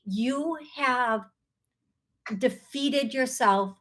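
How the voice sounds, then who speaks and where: Woman psychic host, call-in radio, unhurried and earnest, higher voice. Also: a bit bright. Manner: slow, searching, apologetic, earnest.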